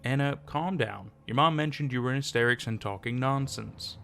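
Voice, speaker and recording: A man reading the lines of a patient, concerned father who tries to calm his daughter, with a gravelly voice. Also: medium pitch, moderate pace, slight background noise. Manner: calming, gentle.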